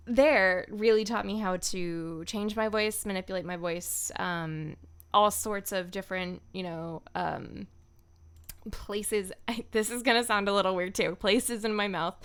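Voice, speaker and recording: A young woman talking to her stream audience in an easy, rambling way. Her voice is smooth and clean, with plenty of ums and quick laughs. Casual, unscripted chat. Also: mid-range voice, fairly bright tone. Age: young adult. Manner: chatty, laughs often, many fillers. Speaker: voice actor streaming.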